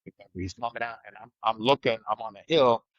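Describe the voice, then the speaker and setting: A man's voice: mid-range voice, fast talker, no echo. Middle aged guy telling a story, blunt, swears, voices people he's quoting, kinda dull dry recording. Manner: vivid, blunt, acts out quoted lines loudly, swears. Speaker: retired state trooper guest. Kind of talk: casual storytelling in a podcast interview.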